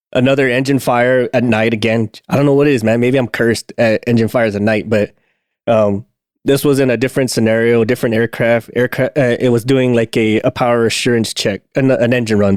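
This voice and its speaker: A man's voice: mid-range voice, steady tone, fairly quick, no room sound, studio quality. Rambling man telling a shop story. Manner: rambling, many fillers and restarts, laughs often. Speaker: podcast co-host, aircraft maintenance technician. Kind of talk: casual storytelling chat.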